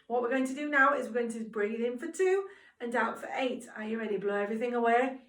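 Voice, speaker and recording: A woman teaching a singing lesson to young children, encouraging and speaking slowly and clearly. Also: a little high. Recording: roomy sound from a distance, music behind.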